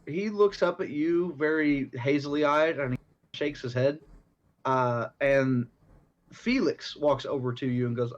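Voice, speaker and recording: Guy gm narrating a tabletop game over voice chat, kinda high voice, dull lo-fi mic, keeps laughing and stumbling. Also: unhurried, slight background noise. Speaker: game master.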